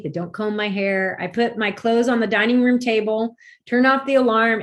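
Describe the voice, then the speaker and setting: A woman guest in a spiritual conversation, telling personal stories earnestly and rambling with restarts. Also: fairly high pitch.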